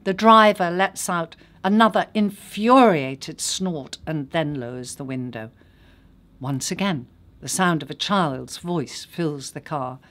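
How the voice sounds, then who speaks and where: An actress reading a literary short story aloud in a measured, unhurried way. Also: female voice, low voice, fairly bright tone.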